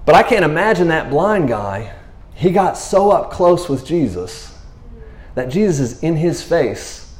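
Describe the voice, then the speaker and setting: Speaking unhurriedly in a slightly high, darkish voice that is very animated, a man preaches a loose, chatty sermon. He keeps checking in with listeners with "you know what I mean," and the recording has a roomy echo.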